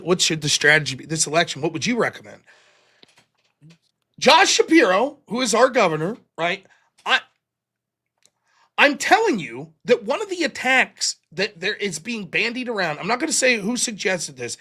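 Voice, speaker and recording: Man, call-in show host, lively swooping pitch, bright sharp tone, profane incredulous rant. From Pennsylvania. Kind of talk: casual political rant.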